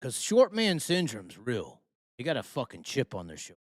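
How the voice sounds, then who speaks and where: A man hosts a live show in a heated, foul-mouthed rant, firing rhetorical questions at his listeners. His pitch swings widely from line to line. The sound is dry and close, with no room to speak of. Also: huge pitch swings, moderate pace, no echo. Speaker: host. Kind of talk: profane live-stream rant.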